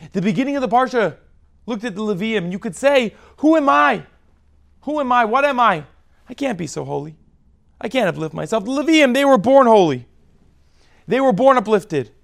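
A man giving an impassioned sermon as a rabbi, moving between soft and forceful delivery. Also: high-pitched, gravelly.

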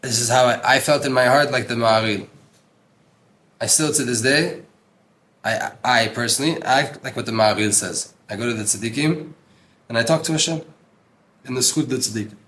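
A man's voice: mid-range voice, moderate pace, long pauses, fairly bright tone. A man teaching a Torah class in an earnest, emphatic way, reading a text aloud and translating it, with Hebrew terms mixed into his speech. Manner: earnest, emphatic, repeats words for stress. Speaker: religious teacher.

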